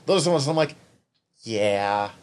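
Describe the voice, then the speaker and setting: Brief: male podcast co-host with an average-pitched voice, candid, emotional and rambling. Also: lively intonation, moderate pace, a bit bright. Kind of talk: casual chat.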